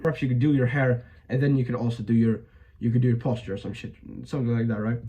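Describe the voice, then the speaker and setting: A man's voice: mid-range voice, level tone, fast, dark tone, rough recording. A young man giving blunt, profane advice in a casual monologue, full of fillers and restarts, his voice a bit strained. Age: young adult. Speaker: vlogger.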